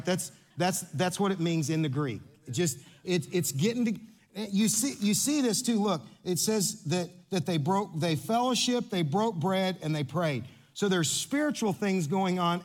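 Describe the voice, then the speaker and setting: A man preaching a sermon, animated and playful, joking with the congregation. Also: high-pitched. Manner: animated, playful, coaching volunteers on stage. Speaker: pastor.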